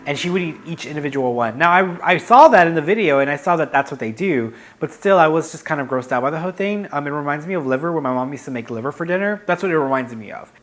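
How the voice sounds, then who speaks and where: A man's voice: a little high, lively intonation, fast, hardly any pauses, a bit bright. A man telling a personal story in a casual, frank way, with frequent fillers and self-corrections. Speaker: vlogger, psychic medium.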